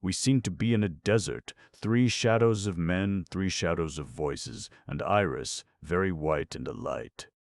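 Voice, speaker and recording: Audiobook narrator: man, measured and lyrical; very deep, dry. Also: creaky, no room sound. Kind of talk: scripted narration.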